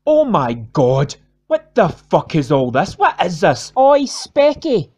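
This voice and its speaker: A man's voice: sits high, wildly swooping pitch, slow, a little mellow, no room sound. A man with a Scottish accent doing crude, sweary comedy voices for a parody. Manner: sweary, brash. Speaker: comedy voice actor.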